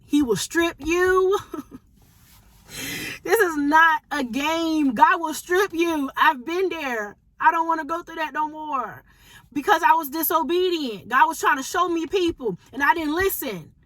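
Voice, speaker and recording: A woman with a high voice preaches informally and talks straight to the listener. She is emphatic and repeats her points for weight. The sound is dry and close, with no room echo. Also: expressive, measured pace, fairly bright tone. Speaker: prophetic teacher.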